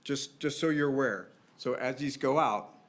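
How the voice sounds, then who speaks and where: A man briefing a city council as a division manager, earnest and a little halting. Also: mid-range voice, a bit bright. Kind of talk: staff briefing at council meeting.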